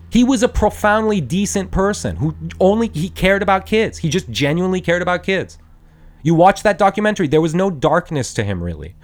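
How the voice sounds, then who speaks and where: A young man ranting bluntly and profanely in a rambling monologue, restarting his sentences as he goes. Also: high-pitched. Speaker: podcast host. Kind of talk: angry rant monologue.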